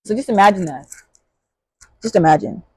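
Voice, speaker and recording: A young woman vlogger tells a story casually, animated and full of slang and fillers, breaking into high shouts as she acts out scenes. She speaks at a moderate pace with a breathy edge, and the low-quality recording has no room sound.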